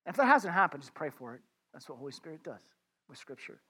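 A man's voice: a little high, sing-song, fast talker, pushed and bright, breathy edge. A man preaching a conversational sermon, talking informally to his listeners as friends and often restarting his words.

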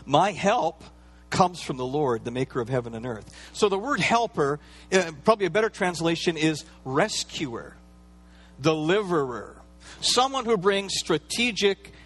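A pastor preaching a sermon in a relaxed, conversational way, with playful asides and everyday fillers. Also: male voice, a little high, measured pace, faint music behind.

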